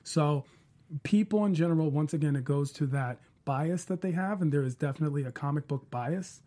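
A man's voice: fairly high pitch, a little fast, warm tone. A man on a casual panel discussion, giving opinionated arguments point by point. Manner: opinionated, argues in numbered points.

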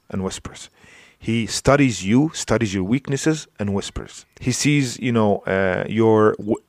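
A male Islamic preacher giving a conversational religious lecture, often asking "right?" and filling pauses with "you know" and restarts. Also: fairly low pitch, dry recording, studio quality. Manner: informal, checks in with "right?" and "you know", many fillers and restarts.

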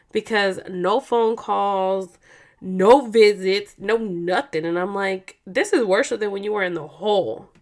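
Profane rambling young woman. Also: mid-range voice. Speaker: vlogger. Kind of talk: casual ranting monologue. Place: home.

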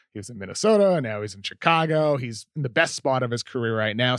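A man co-hosting a podcast, giving quick, stat-heavy basketball analysis with stammered starts. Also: medium pitch, dry recording, studio quality. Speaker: podcast co-host.

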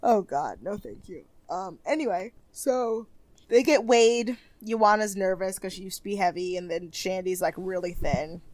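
A woman's voice: mid-range voice, measured pace, a little mellow, no echo. Chatty young woman recapping a show. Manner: chatty, lots of "like", laughs often. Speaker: podcast co-host. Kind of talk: casual chat recapping a TV show.

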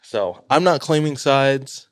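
A man co-hosting a casual podcast, telling a story in a relaxed, hedging way and laughing often. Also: mid-range voice, slow pace, dry recording, studio quality. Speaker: podcast co-host.

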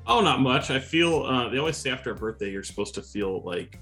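A man's voice: mid-range voice, lively intonation, a little fast, a bit bright, faint music behind. Chatty man telling stories. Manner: chatty storyteller, laughs easily. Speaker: podcast co-host, TV reporter. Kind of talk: casual sports podcast chat.

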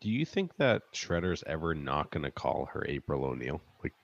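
Low husky gravelly guy teasing his cohost on a podcast, kinda dull lo-fi sound. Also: sing-song, moderate pace, no echo. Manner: blunt, teasing, swears. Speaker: podcast co-host. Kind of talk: casual podcast chat.

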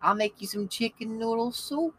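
A man voicing a sweet, hospitable elderly Southern woman, in a high, slow, doting tone. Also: a bit bright, breathy edge, heavily acted.

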